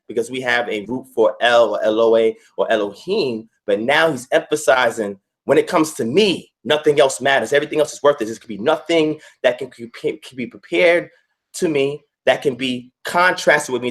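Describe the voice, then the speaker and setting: A man gives an online scripture lesson over a video call. His voice sits in a middle pitch, and he talks in a methodical way. He comes back to key ideas again and again to stress them. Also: normal speed. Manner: methodical, repeats key points for emphasis. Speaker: guest teacher.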